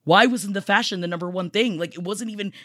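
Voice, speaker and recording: An excitable podcast host chatting loosely and swearing freely, often mocking others in put-on voices. The pitch sits at an ordinary middle level. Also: quick pace. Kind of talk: casual comedic chat.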